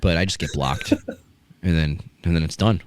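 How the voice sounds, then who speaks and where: Low-voiced ranting male podcast host. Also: moderate pace, smooth, dry recording. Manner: profane, ranting, does mocking impressions. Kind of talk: casual wrestling podcast chat.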